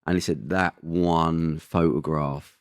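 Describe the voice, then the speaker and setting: A man hosting a casual podcast chat, telling rambling, emphatic stories in an animated way. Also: a bass voice, takes it slowly, smooth, no room sound, studio quality. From Britain. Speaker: podcast host.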